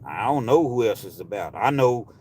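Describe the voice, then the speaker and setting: A man hosting a livestream, arguing his point to viewers in a heated, preachy way and often building to a shout. His voice sits at a middle pitch. A faint hiss of noise runs under him. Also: lively intonation, normal speed. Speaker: livestream host. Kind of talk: live chat with viewers.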